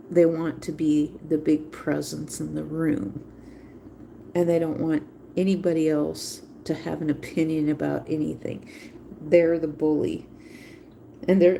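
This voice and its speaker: A woman's voice: low voice, gravelly, mellow, a little hiss or hum. A woman hosting a livestream, talking casually in a rambling way and repeating phrases for emphasis. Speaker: livestream host.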